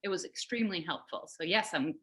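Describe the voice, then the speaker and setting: A woman's voice: on the low side, quick pace, fairly bright tone. A woman guest on a casual podcast over a remote call, chatty and playful, laughing often. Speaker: guest, meteorologist.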